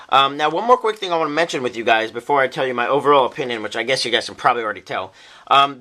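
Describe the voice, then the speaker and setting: Young male tech vlogger, bright tone, chatty and filler-heavy, walking through a gadget demo. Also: medium pitch. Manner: chatty, many ums and uhs. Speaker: tech reviewer. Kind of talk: casual product demo.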